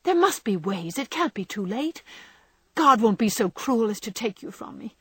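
A woman's voice: medium pitch, lively intonation, moderate pace, no room sound. A woman voicing a headstrong, passionate young woman, speaking with raised, pleading intensity. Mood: impassioned. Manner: impassioned and pleading.

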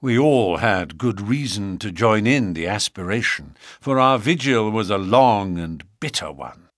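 An audiobook narrator gives a scripted reading of a classic novel, a lively male storyteller with a low voice. His pace is measured, and the recording is dry with clean studio sound.

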